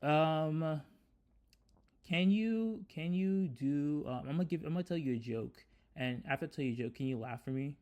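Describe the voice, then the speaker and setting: A man's voice: a little high, moderate pace, a little mellow. A man hosting a casual coding tutorial, talking hesitantly with many restarts. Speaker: tutorial host, developer. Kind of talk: casual screen-recorded tutorial.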